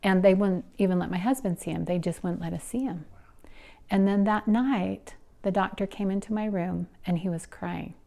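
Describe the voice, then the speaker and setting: A middle-aged woman telling her personal story in an earnest, emotional way, her voice going soft and breathy at the tender moments. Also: lowish voice. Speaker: interviewee, nonprofit founder and mother. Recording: soft music underneath.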